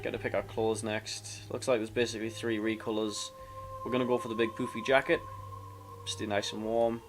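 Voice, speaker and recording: Male let's-play commentator, low voice, casual and self-deprecating, faint music bed. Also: level tone, moderate pace. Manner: rambling and self-mocking, with fillers and restarts. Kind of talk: casual gameplay commentary, reading game text aloud.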